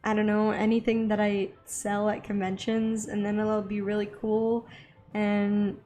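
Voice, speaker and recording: A young woman hosting an art channel, chatting casually and excitedly while she draws, rambling with lots of little gasps. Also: medium pitch. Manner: bubbly, easily excited, rambling. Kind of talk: casual chat while drawing.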